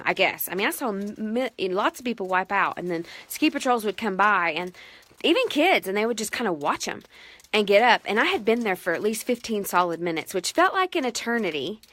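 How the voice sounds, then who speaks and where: A woman and mother telling a family story to the camera in a casual, animated, self-mocking way. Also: a little high, no room sound.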